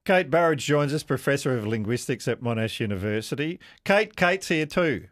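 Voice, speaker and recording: Australian man, radio host, brisk and chatty, mid voice, dry studio sound. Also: mid-range voice, lively intonation, a bit bright, no room sound. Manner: brisk, chatty, reads out texts. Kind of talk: live radio talkback hosting.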